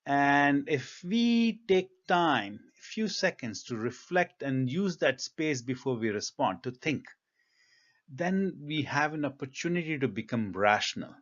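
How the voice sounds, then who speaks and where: A man giving career advice in a reflective monologue, speaking in a measured, thoughtful way with frequent ums and uhs. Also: mid-range voice, big pitch swings, muffled recording.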